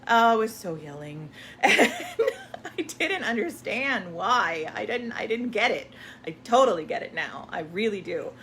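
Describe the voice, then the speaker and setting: A woman's voice: medium pitch, sing-song, measured pace, fairly bright tone, a little hiss or hum. A woman hosting a live question-and-answer stream, talking casually and rambling with many fillers and restarts.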